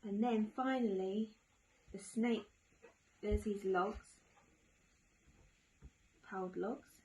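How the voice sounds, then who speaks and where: A woman teaching young children, drawing and retelling a story in a gentle sing-song way with many tag questions. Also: mid-range voice, fairly even intonation, drawn-out words, poor audio. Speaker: nursery teacher.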